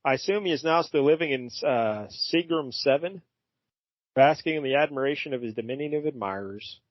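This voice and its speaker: A man's voice: medium pitch, brisk, no room sound, highs cut off, lightly acted. A man voicing a small robot recorder that recalls the past in a formal, wistful way.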